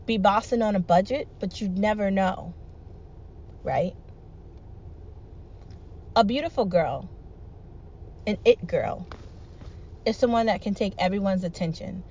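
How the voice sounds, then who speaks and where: A woman's voice: mid-range voice, lo-fi sound, a little hiss or hum. A woman talking alone in an emphatic, repetitive, rallying way, swearing freely. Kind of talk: solo monologue vlog.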